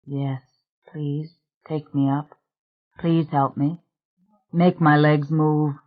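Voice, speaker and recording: A dazed young woman pleads in a faltering voice, as an audiobook narrator plays her. Her pitch sits mid-range. The sound is narrow and tinny, like a phone call. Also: little pitch movement, slow pace, close to an everyday voice. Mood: pleading.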